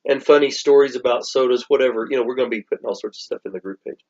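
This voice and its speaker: A man's voice: mid-range voice, rapid-fire, a little mellow. A middle-aged man co-hosting a soda review with his son, chatting casually and drifting off topic. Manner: rambling, easily sidetracked. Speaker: soda review co-host, father. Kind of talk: casual chat. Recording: dull lo-fi sound.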